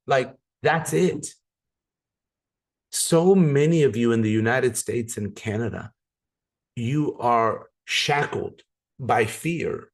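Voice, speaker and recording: A man giving a motivational sales training talk, animated, acting out scenes and repeating words for emphasis. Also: fairly high pitch, unhurried.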